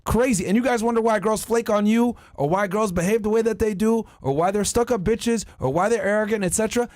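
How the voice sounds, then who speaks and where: A man's voice: sits high, fairly quick, a little mellow, dry recording, studio quality. A man hosting a podcast in casual commentary, crude and mocking as he reads out news and messages. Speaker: podcast host.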